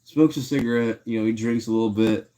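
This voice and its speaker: A man's voice: fairly low pitch, steady tone, fairly quick, dark tone. Laid-back slangy man livestreaming. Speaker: live streamer. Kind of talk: casual livestream chat.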